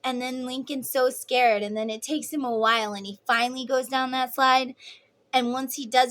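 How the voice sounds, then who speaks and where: A woman's voice: sits high, steady tone, normal speed, a bit bright. A woman giving a casual tarot reading, chatty and rambling with lots of "like"s. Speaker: tarot reader. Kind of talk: casual psychic reading vlog.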